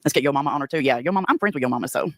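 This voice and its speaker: A woman with a thick East Tennessee accent tears into a rival on a livestream, brash and profane. Her pitch swoops all over and she talks fast. The sound is dry and close. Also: expressive, fairly bright tone, no echo. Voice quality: brash, profane Southern drawl. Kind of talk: profane confrontational livestream rant.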